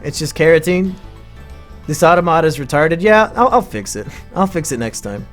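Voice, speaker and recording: High-pitched sarcastic streamer man. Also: lively intonation, normal speed, faint music behind. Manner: sarcastic, profane, bursts into shouting rants. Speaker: streamer ranking mental illnesses. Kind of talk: crude comedic live-stream chat.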